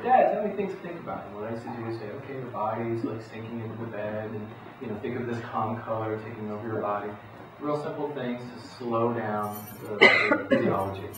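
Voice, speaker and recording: A middle-aged man giving a talk to parents in a folksy, relaxed way, full of restarts and acted-out quotes. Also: mid-range voice. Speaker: psychologist speaking to parents. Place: school hall or auditorium. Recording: echoey hall, voice far from mic, dull sound, noisy.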